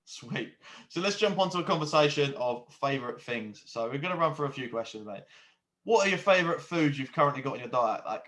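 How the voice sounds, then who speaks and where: A man's voice: medium pitch, expressive, a little fast, fairly bright tone. A man hosting a podcast, asking questions and chiming in with easy agreement. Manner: easygoing, asks questions, chimes in with "yeah". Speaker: podcast host. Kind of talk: casual podcast chat.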